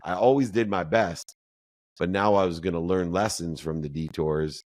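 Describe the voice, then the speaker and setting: A middle-aged man telling his life story as a podcast guest, animated and acting out the voices of others in his tale. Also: moderate pace, no echo. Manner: animated storyteller, acts out quoted dialogue in a higher voice. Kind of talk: storytelling interview answer.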